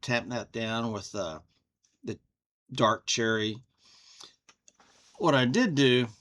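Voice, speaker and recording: A man from Texas casually reviewing a whiskey cocktail at home, folksy and unhurried, thinking aloud. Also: mid-range voice, sharp tone.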